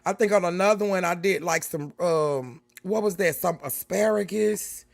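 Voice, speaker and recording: A woman's voice: on the low side, normal speed, creaky, no echo. Chatty woman streaming from home, dry sound. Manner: chatty, calls viewers baby and honey. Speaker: livestream host. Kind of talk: casual livestream chat. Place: room at home.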